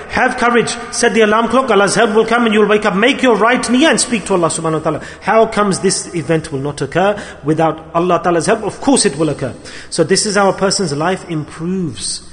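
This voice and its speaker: Man, high voice, impassioned sermon, echoing hall. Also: a little fast, a bit bright. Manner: impassioned, rises and falls in emphasis, quotes figures in his own voice. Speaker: preacher. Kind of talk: sermon storytelling. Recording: hall reverb.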